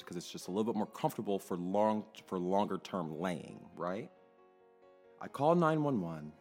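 A man telling a story in a casual, emphatic monologue, now and then cursing. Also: fairly low pitch. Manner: animated, emphatic, swears freely. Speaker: clinic worker telling a story.

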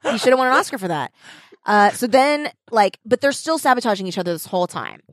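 A woman's voice: on the high side, fast, dry recording. Casual, dry-sounding woman telling a story. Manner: animated storyteller, swears casually, many fillers. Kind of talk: casual chat.

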